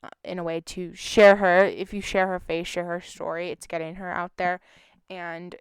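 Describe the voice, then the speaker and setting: A woman with a very smooth, clear voice makes a heartfelt appeal to her viewers. She hosts a missing-persons channel and speaks with emotion and urgency. The sound is dry and close, with no room around her. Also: lowish voice, flat delivery, moderate pace, no room sound.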